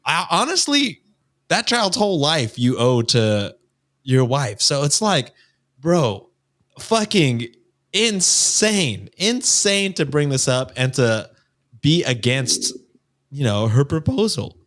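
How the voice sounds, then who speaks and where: Male co-host, mid pitch, earnest and rambling, full of hesitations. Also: very animated, takes it slowly, fairly bright tone. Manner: rambling, many "uh" fillers, earnest. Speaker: podcast co-host. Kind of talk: casual podcast chat.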